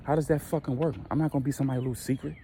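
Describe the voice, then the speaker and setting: A man's voice: mid-range voice, steady tone, racing, mellow, a little hiss or hum, pitched above the performer's own voice, lightly acted. A man doing a furious, betrayed boyfriend. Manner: cursing, confrontational. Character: betrayed young man, furious at his lover.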